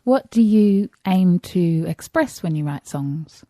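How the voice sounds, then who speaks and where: A woman's voice: lowish voice, expressive, slow, warm tone, no room sound, clean studio sound. A woman, interviewing a musician in a friendly, laughing way. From Australia. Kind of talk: casual interview.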